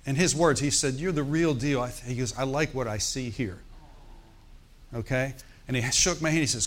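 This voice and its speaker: A man, a pastor, preaching a sermon in a church, telling a personal story and rising into emphatic exhortation. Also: medium pitch.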